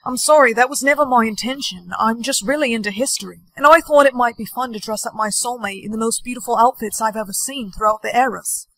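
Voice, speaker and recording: A woman playing a sweet, sheepish young man who loves history, talking softly and apologetically. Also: fairly high pitch, fast, few pauses, no room sound, poor audio. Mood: apologetic.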